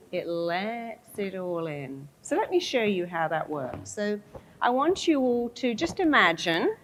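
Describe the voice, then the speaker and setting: A woman's voice: mid-range voice, poor audio. A woman therapist giving a motivational talk to a live audience, speaking emphatically, repeating phrases for effect and acting out inner voices in quoted asides.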